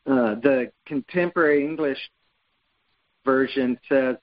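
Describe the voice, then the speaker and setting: A man's voice: medium pitch, measured pace, lo-fi sound. A man from the United States teaching a Bible study in an easygoing, conversational way, reading verses aloud and stumbling over words now and then. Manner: conversational, reads scripture aloud with frequent restarts.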